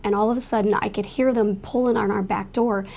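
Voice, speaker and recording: A woman's voice: medium pitch, fairly even intonation, a little fast, vocal fry, mellow, highs cut off. A woman earnestly telling a frightening personal story as a faith-minded testimony. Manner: earnest, emotional retelling of a frightening night; speaks with religious faith.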